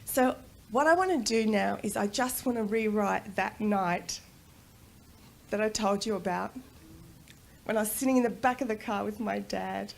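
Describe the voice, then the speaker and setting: A woman giving a talk at a conference, lively and slowing down to stress key phrases. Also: mid-range voice, vocal fry. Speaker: conference speaker. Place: conference stage.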